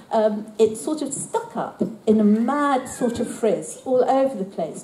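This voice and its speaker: A woman's voice: mid-range voice, warm tone, slight background noise. An older woman, an author telling childhood stories to an audience in a wry, self-deprecating way. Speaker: author speaking at a book event. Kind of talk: storytelling talk to an audience. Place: hall at a book event. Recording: roomy hall with faint ambience.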